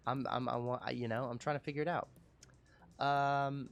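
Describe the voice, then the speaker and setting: A man's voice: medium pitch, moderate pace, soft background music. A man hosting a casual livestream talk show, rambling, profane and self-mocking.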